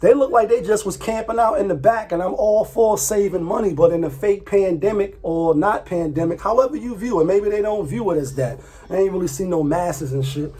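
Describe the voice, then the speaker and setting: Man, high voice, husky tone, casual profane vlog rant. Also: a little fast, dark tone. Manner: loose, profane, repeats himself, laughs often. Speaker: vlogger. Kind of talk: casual commentary.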